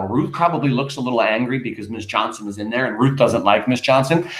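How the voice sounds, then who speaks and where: A male teacher reading a play aloud and breaking it down for students, emphatic and animated, full of rhetorical questions. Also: medium pitch, roomy sound, rough recording.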